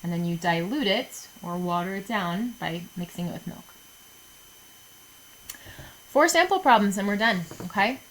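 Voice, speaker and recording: A woman's voice: medium pitch, expressive, moderate pace, long pauses, a little hiss or hum, low-quality recording. A woman chemistry teacher recording a lesson for her students, chatty and jokey, often checking in with "okay?".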